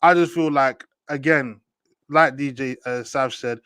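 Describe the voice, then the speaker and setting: A man's voice: mid-range voice, unhurried, clean tone, no echo. Young man host, slangy football banter, dry close sound. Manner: slangy, animated, repeats "do you get me". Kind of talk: casual football chat.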